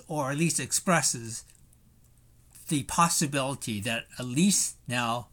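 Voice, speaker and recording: A man's voice: fairly high pitch, pushed and bright. A man preaching a sermon in a conversational way, thinking aloud with fillers and rhetorical questions. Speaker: pastor.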